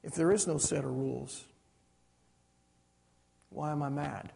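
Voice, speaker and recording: Husky-voiced preacher man in a reverberant hall. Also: on the high side, unhurried, mellow. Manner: repeats "you understand that?" with rhetorical questions. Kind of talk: sermon.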